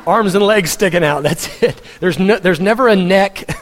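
A man's voice: high-pitched, a little slow. A pastor preaching a sermon in a church hall, earnest and humorous, speaking straight to his congregation. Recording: long church hall reverb.

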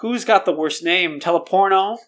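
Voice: medium pitch, moderate pace, a bit bright. A podcast co-host chatting casually, with dry, mock-dramatic delivery. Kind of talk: casual chat.

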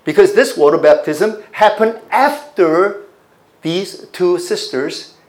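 A man's voice: high voice, slow, echoey room. A man pastor preaching a teaching sermon, putting questions to his congregation as he explains scripture.

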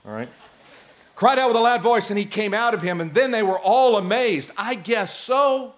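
A man preaching a sermon as a pastor, reading scripture aloud and joking with the congregation in an animated way. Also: sits high.

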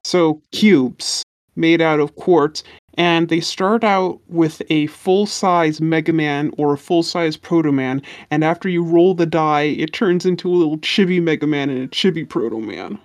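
A woman's voice: low voice, measured pace, darkish tone, no room sound, clean studio sound. A young woman co-hosting a casual podcast, describing anime scenes earnestly and with feeling. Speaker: podcast co-host. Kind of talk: casual anime recap chat.

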